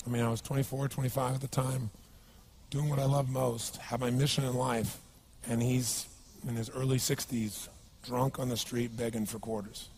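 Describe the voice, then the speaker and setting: Fast, emphatic male motivational speaker. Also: mid-range voice, steady tone, gravelly, a little hiss or hum. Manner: emphatic, with rhetorical questions to the crowd. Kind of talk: seminar talk to a live audience.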